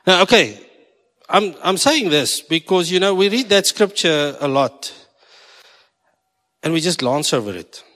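A man's voice: on the high side, animated, unhurried, pauses often, bright, forceful tone. A South African man preaching a sermon, joking with his congregation and slipping into Afrikaans. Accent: South African English. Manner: jokey, switching between English and Afrikaans. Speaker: pastor. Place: church hall. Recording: long hall reverb.

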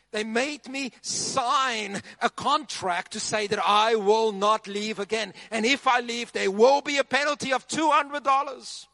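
A man preaching, his voice high and bright. He tells funny stories in an animated, lively way. The sound is dry and close. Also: dry recording. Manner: animated, humorous storytelling. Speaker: pastor. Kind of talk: sermon.

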